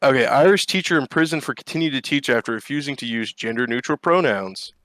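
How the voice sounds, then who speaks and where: A man's voice: mid-range voice, lively intonation, fast talker, a bit bright, no room sound. A man co-hosting a gaming podcast, ranting in a casual, profane and sarcastic way. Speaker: podcast co-host. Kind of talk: casual chat.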